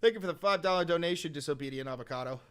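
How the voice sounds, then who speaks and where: A man with a fairly high voice, hosting a livestream and reading viewer donations aloud. He talks sarcastically, jumping from loud mock tirades to flat deadpan answers, on a close desk mic. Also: very fast, smooth. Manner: sarcastic, swings from loud mock rants to low dry replies.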